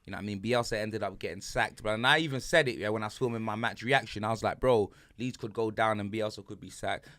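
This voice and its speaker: A man's voice: on the low side, quick pace, fairly bright tone, dry recording. A man hosting a casual sports podcast, ranting animatedly in heavy street slang. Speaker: podcast host.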